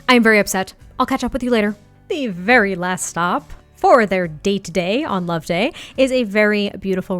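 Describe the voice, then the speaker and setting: A woman doing let's play commentary on a life-sim game, animated and dramatic in her reactions. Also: mid-range voice. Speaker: gaming YouTuber.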